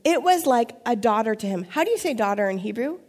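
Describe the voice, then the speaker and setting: A woman preaches a sermon. She tells the story in a lively way, dropping playful asides and acting out the voices of the people in it. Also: fairly high pitch, quick pace. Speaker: pastor.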